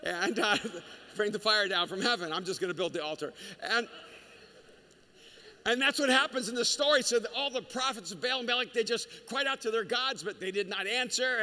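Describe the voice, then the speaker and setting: A middle-aged male pastor with a high, very bright, forceful voice tells a story from the pulpit with playful humor. He stumbles and restarts often as he builds energy. The sound carries a long hall reverb. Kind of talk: sermon.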